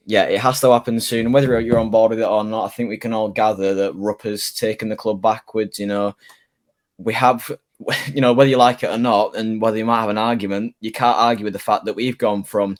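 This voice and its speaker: A man with a fairly low voice talks through his views in a casual football fan chat. He hedges with fillers and keeps an even, measured tone. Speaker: fan guest.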